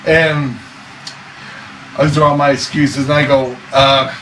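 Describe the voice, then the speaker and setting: A man's voice: mid-range voice, flat delivery, takes it slowly, fairly bright tone. A man telling a wild personal story in a casual interview, swearing, laughing often and acting out voices. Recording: echoey room, far from mic, noisy.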